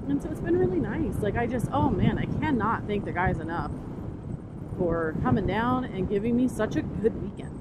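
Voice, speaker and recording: Out on her motorcycle, a woman vlogs casually in a mid-range voice at a moderate pace, rambling excitedly and losing track as new thoughts pop up. Wind and engine sounds, plus traffic and road noise, come through the helmet camera's mic.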